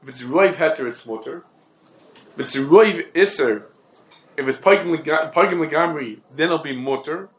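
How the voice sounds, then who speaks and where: A man's voice: a little high, a bit bright. Man giving an echoey Talmudic lecture. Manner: rapid, question-and-answer reasoning. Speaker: Torah teacher.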